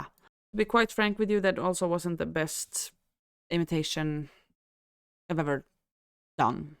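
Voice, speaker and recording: Woman from Sweden, language teacher, unhurried delivery, smooth clear voice, dry close sound. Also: mid-range voice, dry recording. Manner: relaxed, thoughtful, with pauses and fillers. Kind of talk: explaining language and culture.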